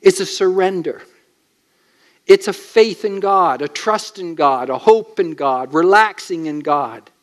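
A man with a notably high voice preaches a sermon. He speaks with emphasis and keeps putting questions to his listeners. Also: unhurried.

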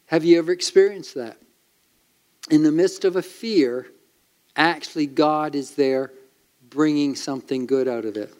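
A man preaching a sermon as pastor, earnest and emphatic, with dramatic pauses. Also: on the high side, a little mellow.

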